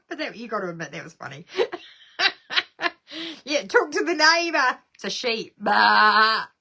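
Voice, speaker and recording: A chatty woman talks to her viewers in a casual live stream. Her voice is bright and forward, and it leaps around a lot in pitch. She is bubbly and quick to laugh as she reads out comments. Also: slightly rough. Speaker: craft demonstrator hosting a live stream.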